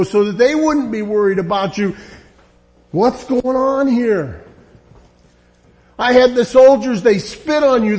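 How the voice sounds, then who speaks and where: An exasperated, indignant Roman governor pleads and rants in loud, pushed outbursts, his voice sitting high for a man, as a male preacher acts him out. He keeps demanding answers and piling up grievances. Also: heavily acted.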